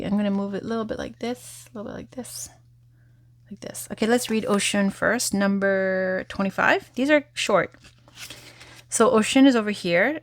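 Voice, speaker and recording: A woman's voice: medium pitch, no echo. A woman giving a tarot reading in a chatty, candid way, saying she is losing her voice. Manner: chatty, candid, lively asides. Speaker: tarot reader. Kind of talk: tarot reading and guided affirmation.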